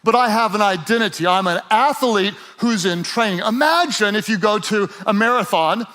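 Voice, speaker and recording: A man preaching a sermon as a pastor, moving from relaxed joking asides to rising, emphatic exhortation, and asking listeners to repeat lines aloud. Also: high voice, moderate pace.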